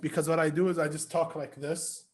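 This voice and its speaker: Young male host, slightly raised pitch, laid-back and quick to laugh. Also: flat delivery. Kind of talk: casual chat.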